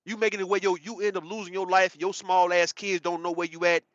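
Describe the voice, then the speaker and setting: High-voiced, bright, animated man ranting. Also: fast talker, no echo. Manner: rambling, profane, emphatic, repeats himself. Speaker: commentary channel host. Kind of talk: casual commentary monologue. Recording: dull, muffled sound.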